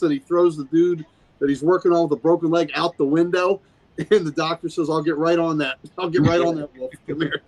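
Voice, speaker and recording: A man's voice: high-pitched, low-quality recording. A man co-hosting a casual podcast, chuckling as he talks and chiming in with short agreements. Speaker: podcast co-host. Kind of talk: casual chat.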